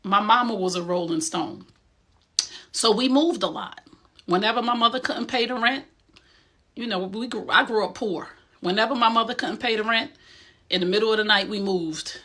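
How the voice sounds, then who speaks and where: Bright-voiced New woman, emphatic. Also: medium pitch, moderate pace. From Essex County, New Jersey. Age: middle-aged. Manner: direct and emphatic, streetwise. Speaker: host. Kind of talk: motivational talk.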